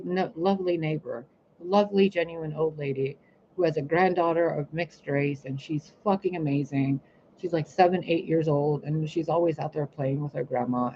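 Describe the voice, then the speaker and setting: A woman with a low, dull-sounding voice rants bluntly and with plenty of profanity on her own live stream, with slight noise in the background. She works as a spiritual reader and healer. She's animated and acts out other people's lines during the casual rant.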